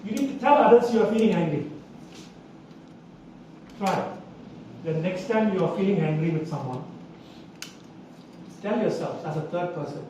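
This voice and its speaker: A man's voice: sits high, measured pace, long pauses, noisy background. A man leading an awareness session, lecturing emphatically and asking his audience questions.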